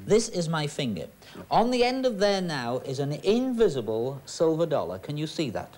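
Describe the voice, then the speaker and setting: A man's voice: a little high, big pitch swings, normal speed, darkish tone. A man performing magic with chatty, teasing patter for an audience. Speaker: stage magician.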